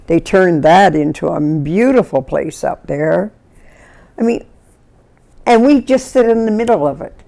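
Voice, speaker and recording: Gravelly elderly woman storyteller. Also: fairly low pitch, a little slow, long pauses. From Canada. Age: 90s. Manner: lively storyteller who acts out the people in her stories. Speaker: interviewee. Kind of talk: oral history reminiscence.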